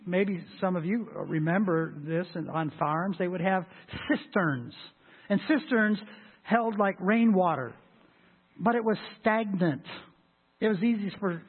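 A man preaching a sermon as pastor, with a husky voice and an emphatic delivery that swells loud and high on scripture. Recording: tinny lo-fi phone-like sound.

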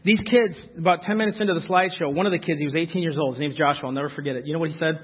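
A man's voice: fairly high pitch, rapid-fire, husky. A young man giving an informal, chatty speech to a live audience, telling stories earnestly and with emphasis. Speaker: speaker addressing a youth audience. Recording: tinny phone-like sound.

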